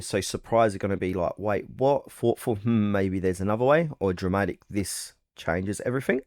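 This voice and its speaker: A man hosting a software tutorial, walking through the steps in a relaxed, plain instructional way. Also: lowish voice, no room sound, clean studio sound. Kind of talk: step-by-step screen-recorded tutorial.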